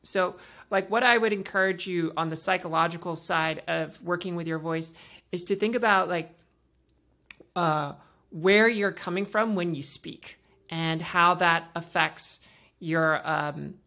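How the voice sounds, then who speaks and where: A woman hosting a podcast, explaining voice practice in a casual, instructive way with many fillers and a pitch that moves up and down. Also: unhurried, fairly bright tone. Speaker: podcast host and voice coach.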